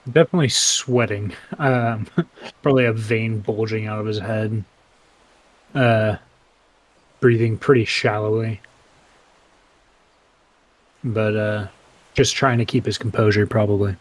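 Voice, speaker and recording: A man's voice: fairly low pitch, fairly even intonation, measured pace, pauses often, no room sound. Man, tabletop player, jokey casual chat, dry close sound. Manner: joking, laughs often.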